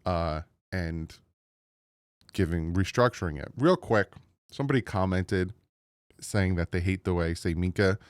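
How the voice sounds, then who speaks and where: A man's voice: low voice, a little slow, clean tone, dry recording, studio quality. A man with a New Jersey accent hosting his own sports channel, giving casual, rambling commentary to viewers with frequent restarts. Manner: rambling, restarts, mild frustration.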